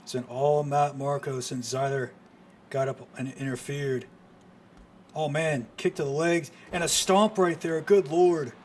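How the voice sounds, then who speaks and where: A man with a slightly higher voice calls a wrestling match move by move. He is excitable and keeps breaking into exclamations, with a faint hiss behind him. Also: a little slow. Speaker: streamer commentator. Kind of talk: live wrestling play-by-play commentary.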